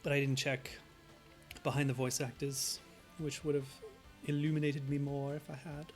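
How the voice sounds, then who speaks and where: A man's voice: medium pitch, little pitch movement, normal speed, soft background music. A man streaming a retro game, chatting casually and wryly with frequent laughs.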